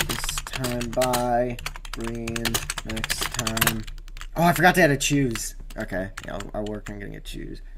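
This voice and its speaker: A man's voice: mid-range voice, measured pace, heavy background noise. Rambling man commenting on a racing game. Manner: rambling, excitable at near-crashes. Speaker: gamer doing race commentary.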